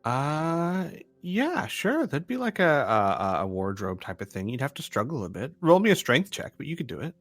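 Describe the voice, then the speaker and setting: A man running a tabletop game as game master, relaxed and often hesitant, with many fillers. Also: on the high side, moderate pace, few pauses, no room sound, soft background music.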